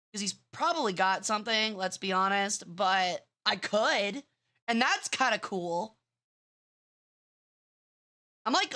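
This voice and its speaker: Her voice is medium-pitched, creaky, bright and forceful as this young woman streamer chats casually on a live stream. She's bratty and rambling, cursing freely with lots of filler words.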